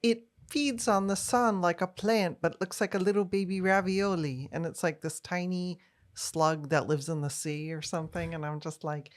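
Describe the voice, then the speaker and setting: A woman with a fairly low voice cracks quick, teasing remarks. She co-hosts a relaxed chat show in a playful way. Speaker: podcast co-host. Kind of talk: casual chat.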